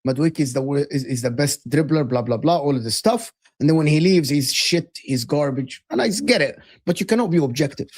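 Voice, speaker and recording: Emphatic man with a higher voice. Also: lively intonation, a little fast, few pauses, darkish tone. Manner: emphatic, repeats himself, filler-heavy. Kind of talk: casual football chat.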